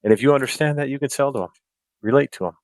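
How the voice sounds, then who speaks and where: Male podcast co-host, quick and emphatic, lowish voice, dry close recording. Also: no echo. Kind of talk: casual chat.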